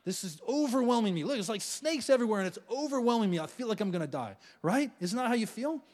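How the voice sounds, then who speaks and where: A middle-aged male pastor delivers a sermon in a notably high voice that leaps all over the place. He is playful and animated, slipping into the voices of people grumbling at God and chuckling as he goes. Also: fast. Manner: animated, playful, acts out quoted prayers with laughs.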